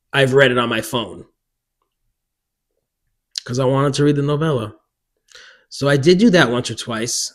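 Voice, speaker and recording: A man chatting to camera about books while alone in a room, animated and self-mocking, breaking into bursts of loud laughter. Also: mid-range voice. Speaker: book vlogger. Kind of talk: casual chat to camera.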